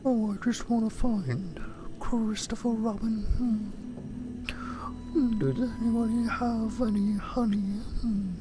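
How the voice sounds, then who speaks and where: A gentle, slow-witted cartoon bear with an airy, breathy voice, high and unhurried. He trails off with a soft "hmm" after his phrases. A noisy background sits underneath. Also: steady tone. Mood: dreamy.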